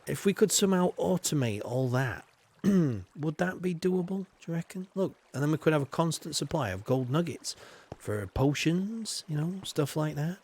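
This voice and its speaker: A man's voice: fairly high pitch, animated, normal speed, a little mellow, slightly rough. A man streaming a game live, chatting loosely with viewers, greeting them by name and filling his talk with ums and you-knows. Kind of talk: live gameplay commentary.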